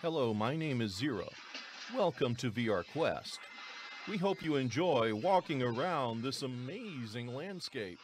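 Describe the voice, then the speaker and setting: A man's voice: medium pitch, big pitch swings, a little slow, faint music behind, voice pushed up. A man voicing a plain greeter. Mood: welcoming. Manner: reads a short welcome line. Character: virtual greeter, plain male voice.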